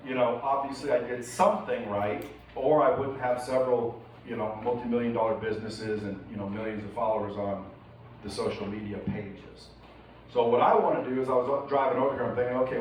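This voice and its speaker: Man, motivational speaker, loose and profane, booming hall echo, distant mic, noisy room. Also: a little mellow. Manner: casual, profane, storytelling, laughs often. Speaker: keynote speaker. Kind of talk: motivational speech to a live audience. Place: large indoor event hall. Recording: echoey hall recorded from far off.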